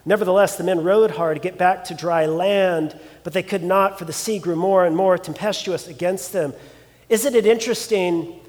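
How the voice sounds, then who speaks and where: High-voiced preacher in a reverberant hall. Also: male voice, moderate pace. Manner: expressive storytelling preacher, reads scripture aloud. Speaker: pastor. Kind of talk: sermon.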